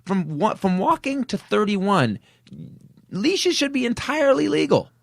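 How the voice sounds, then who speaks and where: A man's voice: high-pitched, big pitch swings, measured pace, creaky, no echo, studio quality. A middle-aged man hosting a podcast, ranting with comic energy and acting out other people's voices in his stories. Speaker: podcast host. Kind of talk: comedic rant.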